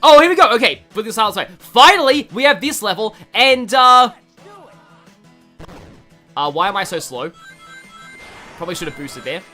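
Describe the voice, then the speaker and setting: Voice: medium pitch, very animated, moderate pace, pauses often, sharp tone, faint music behind. A streamer with an Australian accent giving rambling, casual commentary while playing a game, with many restarts and fillers. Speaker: gaming streamer. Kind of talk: casual let's-play commentary.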